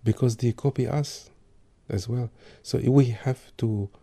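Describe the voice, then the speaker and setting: A man giving calm parenting advice with examples. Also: medium pitch, unhurried, gravelly. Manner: calm, advisory, gives examples. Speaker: parenting speaker. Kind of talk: talk on parenting.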